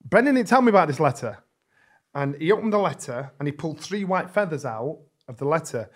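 A middle-aged man, a former boxer telling stories as a podcast guest, lively and swearing freely as he acts out what others said. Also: a little high, fairly quick. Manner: animated, acts out quoted speech, swears freely. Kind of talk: conversational storytelling.

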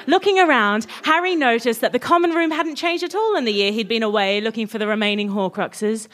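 A woman with a high voice reads a comic fan fiction aloud. She is cheeky and laughs her way through the lines. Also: fairly bright tone.

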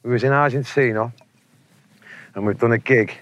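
A man's voice: mid-range voice, moderate pace, no echo. A Manchester man in his forties, a musician telling laddish, sweary anecdotes in a casual interview, laughing often. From England. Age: 40s.

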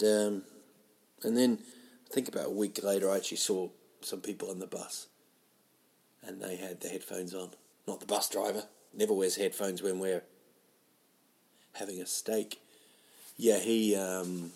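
Male podcast host, lowish voice, meandering self-deprecating comic chat, home-recorded. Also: gravelly. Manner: meandering, self-mocking, jumps between silly tangents and sudden loud bursts. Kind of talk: rambling solo comedy chat. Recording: home podcast mic, uneven sound.

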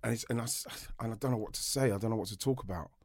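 A man's voice: on the low side, racing, a little mellow, husky, no room sound, studio quality. A middle-aged man, co-hosting a podcast and telling a long story in a rambling way, with many restarts. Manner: rambling, with frequent restarts and laughter. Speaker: podcast co-host, former footballer. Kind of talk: storytelling in casual chat.

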